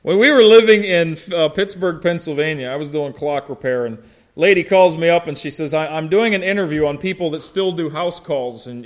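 A pastor from Ohio preaching a sermon in a slow, easygoing drawl. His voice sits a little high for a man, and he mixes folksy anecdotes with questions to the congregation. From Ohio, United States.

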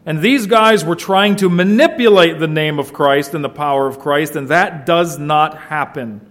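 A man preaching an expository sermon, swinging between loud emphasis and quiet, low asides. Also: normal speed. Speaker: pastor.

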